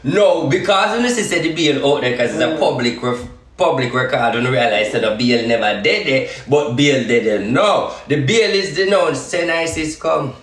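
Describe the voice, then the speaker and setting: A man's voice: mid-range voice, animated, moderate pace, fairly bright tone, reverberant, distant mic. A man with a Jamaican accent giving a defiant, repetitive live-stream address to his followers.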